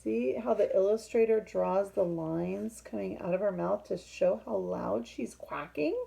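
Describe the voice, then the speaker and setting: A woman reading a picture book aloud to children, explaining pictures and asking questions, with a husky voice. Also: medium pitch, unhurried, mellow, rough recording.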